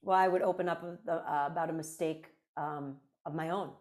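A woman's voice: sits low, fairly even intonation, brisk, darkish tone. A woman co-hosting a casual podcast conversation, a parent who speaks in an earnest, reflective way and lists her points. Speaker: podcast co-host.

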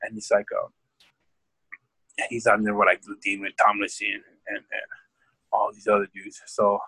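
A man telling a rambling, profane story about coaching high school football, speaking in a casual podcast chat. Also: monotone, normal speed, gravelly, pushed and bright, husky, no room sound, rough recording. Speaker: podcast guest.

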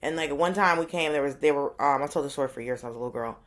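A woman in her thirties co-hosting a casual comedic chat, an animated storyteller who acts out the voices of people in her stories. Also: low voice, rapid-fire. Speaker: co-host.

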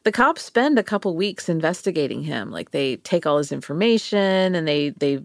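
Brief: woman podcast co-host, lively comic storyteller, low-ish voice, dry close mic. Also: normal speed, vocal fry, dry recording. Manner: animated, jokey, slips into silly voices. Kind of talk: comedic storytelling chat.

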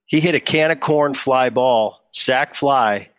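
A man's voice: medium pitch, slow pace. Storytelling middle-aged male podcast host. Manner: storytelling, animated, quotes others. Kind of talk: casual chat.

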